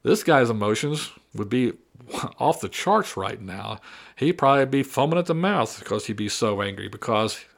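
A man's voice: medium pitch, lively intonation, moderate pace, vocal fry. A man delivering a combative opinion monologue, repeating and mocking his opponents' arguments. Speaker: political commentator.

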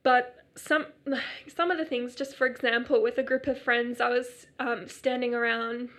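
A woman's voice: a little high, level tone, moderate pace, fairly bright tone. A woman co-hosting a podcast in casual chat, talking with many fillers and laughing often. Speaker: podcast co-host.

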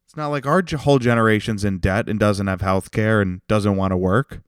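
A man in his thirties hosts a solo podcast with a low, smooth voice. He rambles through crude jokes and rants, swearing freely and bursting into loud bits. The sound is dry and close. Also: a little fast, no room sound. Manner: rambling, profane, jokey with sudden loud bits. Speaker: podcast host. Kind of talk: solo comedic rant.

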